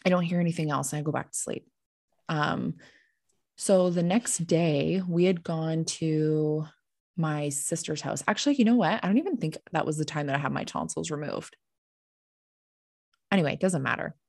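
A young woman with a low voice tells a story over a video call, chatty and packed with "like". The sound is dry and close. She laughs off the awkward parts. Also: normal speed, vocal fry, a little mellow, dry recording. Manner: chatty, heavy use of "like", laughs when awkward. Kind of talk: casual storytelling.

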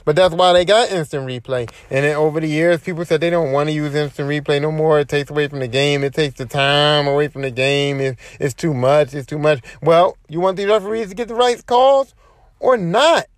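A young man rants into a close microphone in a dry, deadened space, his voice sitting a little higher than most men's. He talks casually and profanely, jumping up in pitch whenever he fires off a rhetorical question. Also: fairly quick, no echo. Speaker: podcast host. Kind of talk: casual opinion rant.

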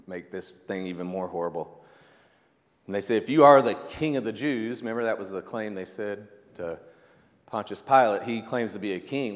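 A man's voice: lowish voice, long reverb tail. A man preaching a sermon as pastor, conversational, with asides, fillers and calls of "amen" to the congregation.

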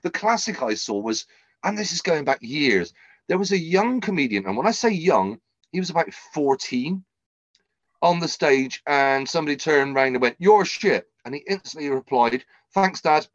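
A man hosting a casual comedy podcast, animated and swearing freely as he tells stories and gives advice. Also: a little high, normal speed, dry recording, dull audio. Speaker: podcast host.

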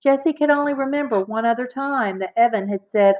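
A woman narrating a children's chapter book aloud in a clear, expressive read-aloud manner. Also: on the high side, brisk. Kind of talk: children's audiobook reading. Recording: slightly dull, lo-fi recording.

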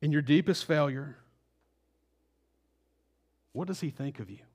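Male pastor, high-pitched, animated sermon delivery, dramatizes quotes. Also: a little slow, husky, dull audio. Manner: animated, acts out quoted voices with rising intensity.

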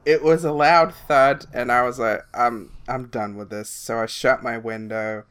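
A man in casual chat among friends, telling a story slowly with frequent laughs. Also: medium pitch, fairly even intonation, a bit bright, smooth. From lives in England.

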